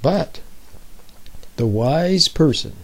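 A man's voice: on the high side, expressive, very slow, creaky, poor audio. A man giving an informal, conversational sermon, often checking in with his listeners. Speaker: speaker giving a Bible talk.

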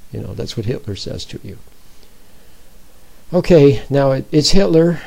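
Gravelly, husky man giving a talk. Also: mid-range voice, animated, moderate pace, pauses often, warm tone, poor audio. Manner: informal, checks in with listeners with repeated "see?". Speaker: speaker giving a Bible talk. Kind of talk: conversational sermon.

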